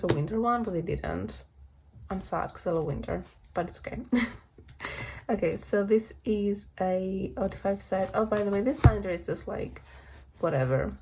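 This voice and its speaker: A woman with a mellow, gravelly voice talks in a relaxed, rambling vlog style, often correcting herself and breaking into small laughs. Her voice sounds a little worn, as if she is losing it, with a faint hiss in the background. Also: medium pitch, low-quality recording. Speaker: collector showing her photocard binders. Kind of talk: casual vlog walkthrough.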